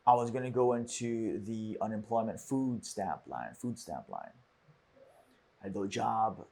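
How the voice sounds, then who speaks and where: A man with a fairly low, slightly husky voice hosts a casual podcast conversation. He talks in a reflective, halting way and often stops and restarts his sentences. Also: a little mellow. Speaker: podcast host.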